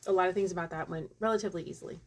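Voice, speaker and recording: A woman in her thirties, talking straight to camera as a vlogger, in a casual storytelling voice. Her delivery is chatty and animated. She often breaks off mid-sentence and starts again. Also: on the low side, rapid-fire. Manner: chatty, animated, self-interrupting.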